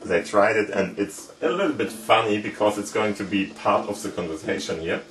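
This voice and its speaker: A lower-voiced man talks through a point-and-click adventure, stopping often with "um" and "more or less" as he explains each button. He sits a bit back from the mic in an echoey room, and game music plays steadily behind him. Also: normal speed, fairly bright tone, far from the mic. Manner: loose, explanatory, lots of hedging fillers. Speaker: gaming channel host. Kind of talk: let's play commentary.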